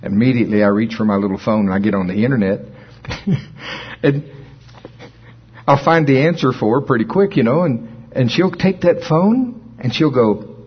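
Heard through a dull lo-fi recording, this sermon comes from a man in his sixties with a slightly rough, mid-range voice. He's animated at a moderate pace, telling stories in a folksy way and chuckling at his own jokes.

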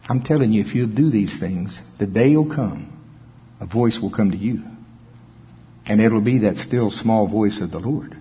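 A middle-aged male pastor preaching a sermon, folksy and storytelling, with chuckles and hushed dramatic pauses. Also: medium pitch, breathy edge. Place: large auditorium. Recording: dull, long-reverb hall sound.

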